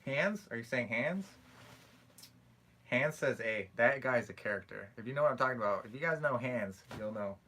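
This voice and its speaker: Canadian dude on his first livestream, jokey, reading chat, kinda bright sounding. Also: mid-range voice, quick pace, hardly any pauses. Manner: chatty, joking, animated when telling stories. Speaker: livestream host. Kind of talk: casual live chat reading comments.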